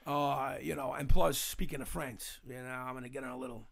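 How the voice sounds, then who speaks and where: A man's voice: mid-range voice, fairly even intonation, a little fast, creaky. A man with a New York accent hosting a casual political talk show, rambling and saying "you know" constantly. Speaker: host.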